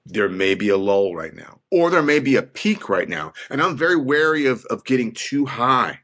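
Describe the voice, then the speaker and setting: A man's voice: medium pitch, big pitch swings, normal speed, hardly any pauses, a bit bright. A man who is an actor, talking earnestly in an interview and repeating phrases like a pep talk to himself. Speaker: actor, podcast guest.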